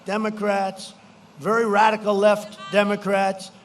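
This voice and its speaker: High-voiced man giving a repetitive rally speech. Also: completely flat delivery, measured pace, a little hiss or hum. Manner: repetitive, boastful, slips into mocking quoted voices. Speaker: political speaker at a campaign rally. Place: large outdoor rally.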